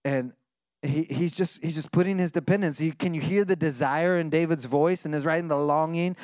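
A high, clear male voice preaching a sermon with easy, conversational warmth. He slips into hushed, earnest tones for the scripture lines. The sound is close and dry. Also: fairly even intonation, fairly quick, dry recording. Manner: conversational, dips quiet and intense when reading scripture; playful mock voices in asides. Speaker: pastor.

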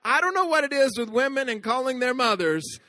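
A man preaching a sermon. He tells a story with playful asides and drops to a soft, hushed voice for the tender moments. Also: extremely high pitch, lively intonation, a little fast, no echo. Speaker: pastor.

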